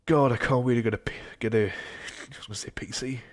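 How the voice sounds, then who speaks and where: A man's voice: mid-range voice, fairly even intonation, fairly quick, a little hiss or hum. A young man who is unwell, rambling to himself in casual gaming stream commentary. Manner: rambling, mumbling asides to himself. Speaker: game streamer.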